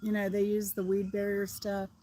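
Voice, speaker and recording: A middle-aged woman with a Southern American accent chats on a livestream in a loose, rambling, folksy way. Her voice sits at an ordinary middle pitch, with faint noise behind it. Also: completely flat delivery, moderate pace, mellow. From Southern United States. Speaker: livestream host. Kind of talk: casual livestream chat.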